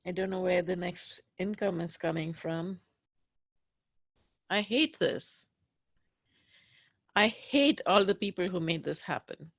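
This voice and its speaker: A woman leading a guided tapping session, speaking slowly and emphatically as she voices raw anger and fear. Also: lowish voice, dry recording. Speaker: tapping practitioner.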